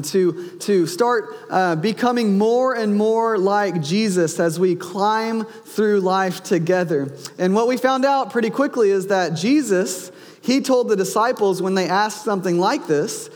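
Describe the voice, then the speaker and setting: A man in his thirties, a pastor preaching a sermon, telling a personal story and acting out his son's lines and his own. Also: high-pitched. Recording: long hall reverb.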